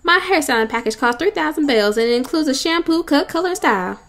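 A sugary poodle salon stylist, put on by a woman gushes in a put-on accent and a high, lifted voice, calling everyone sugar. She sells her makeovers with polished, salesy politeness over faint game music. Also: expressive, quick pace, fairly bright tone.

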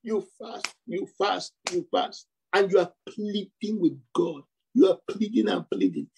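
A man preaching a sermon, piling up rhetorical questions and repeated phrases with slow, drawn-out emphasis. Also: high-pitched, lively intonation, gravelly, darkish tone, a little hiss or hum, rough recording.

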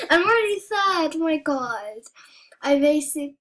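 A young woman giving soft-spoken, anxious commentary as she plays a video game. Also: high-pitched, measured pace, long pauses. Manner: soft-spoken, often hushed, anxious chatter. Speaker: gaming YouTuber. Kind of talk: casual gameplay commentary.

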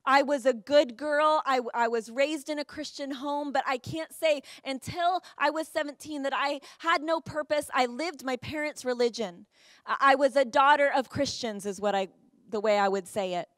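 A woman's voice: high-pitched, moderate pace, fairly bright tone, no room sound, studio quality. A woman pastor preaching a sermon, telling a personal story with rising passion. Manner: impassioned storytelling, rising to emotional peaks. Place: church.

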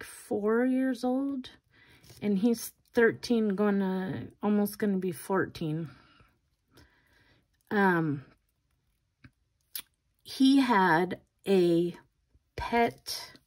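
A woman's voice: mid-range voice, darkish tone. An older woman and grandmother chatting casually while doing her nails, telling a rambling story with laughs and restarts. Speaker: nail art vlogger.

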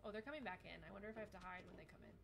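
Rapid-fire and fairly bright in tone, this medium-pitched female streamer gives live gameplay commentary. She's young and chatty, swears a lot, and reads chat messages aloud. A little hiss or hum sits under the audio.

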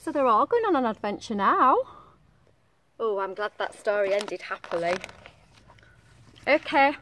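A woman's voice: a little high, lively intonation, measured pace, a bit bright, a little hiss or hum. A woman reading a picture book aloud to young children in a sing-song voice, stopping to ask them questions.

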